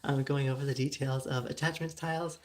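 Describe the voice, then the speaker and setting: A woman from Southern California hosting a casual solo talk, chatty and full of ums with frequent giggles, her voice phlegmy with throat-clearing. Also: rumbling low, steady tone, brisk, darkish tone. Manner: chatty, many ums and likes, giggles often. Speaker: show host.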